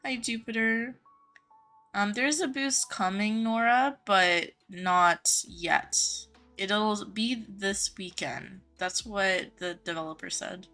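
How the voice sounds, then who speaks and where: A woman's voice: mid-range voice, takes it slowly, pushed and bright, soft background music. A young woman live-streaming a game from her home office, reading viewer comments aloud and greeting chatters by name in a friendly, chatty way.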